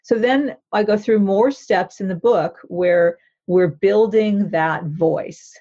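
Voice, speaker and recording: A woman's voice: mid-range voice, slow, dark tone, husky, lo-fi sound. A woman therapist explaining a mindfulness practice in an interview, in an earnest, instructive way that often checks in with the listener. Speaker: therapist author.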